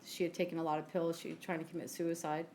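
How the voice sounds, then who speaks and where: A woman with a fairly low voice tells a personal faith story on a podcast. She is an animated storyteller who acts out the back-and-forth of her conversations. A faint hiss sits under her voice. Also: fast talker. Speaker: podcast co-host.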